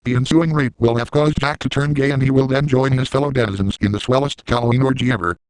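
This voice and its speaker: In this first-person comic monologue, a man plays a boastful middle-aged villain who gloats with unbroken glee and self-satisfaction. His mid-range voice is smooth and clean, lightly acted, quick-paced, and fairly even in intonation. The dry, close recording has no room sound but poor audio.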